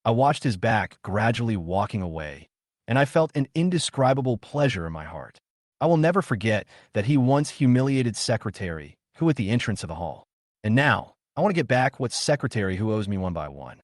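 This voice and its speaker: Low guy narrating a story recap, calm, pitch moving a lot, dry sound. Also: brisk, no room sound.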